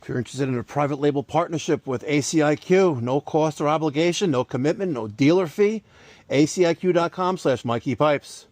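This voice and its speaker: A man's voice: a little high, a little fast, darkish tone, no echo. A man hosting an HVAC job-site vlog, talking in a salesy, infomercial-style patter about the system he just installed. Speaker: HVAC contractor and show host. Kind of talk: casual on-the-job vlog talk.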